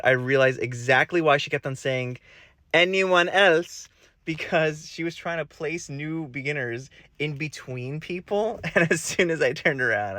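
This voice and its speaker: A man's voice: a little high, no echo. A young man telling a funny story to camera, laughing often and acting out what people said. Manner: animated, laughs often, acts out quotes. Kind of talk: comic storytelling.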